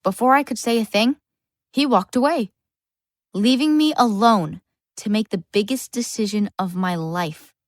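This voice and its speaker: Bookish lonely boy voiced by a woman, earnest, wry, mid pitch, dry close studio mic, audiobook narration. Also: measured pace, dry recording, natural voice. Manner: earnest first-person storytelling, wry asides. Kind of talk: full-cast audiobook narration.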